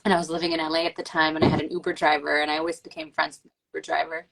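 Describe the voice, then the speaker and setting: A woman host chats in a casual podcast, telling stories with lots of likes and ums. Her voice sits on the lower side. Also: rapid-fire, gravelly, poor audio. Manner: animated storyteller, many likes and ums.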